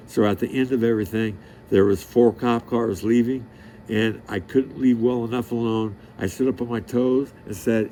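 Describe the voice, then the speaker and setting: A man's voice: medium pitch, steady tone, moderate pace, mellow, slight background noise. A middle-aged man in a rambling monologue, talking in a profane, boastful, streetwise way and losing track of his story. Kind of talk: rambling direct-to-camera monologue.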